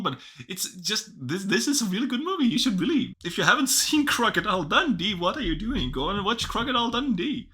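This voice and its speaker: A man's voice: fairly high pitch, bright, forceful tone. A man casually reviewing films, chatty and enthusiastic. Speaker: film reviewer. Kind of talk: casual video review commentary.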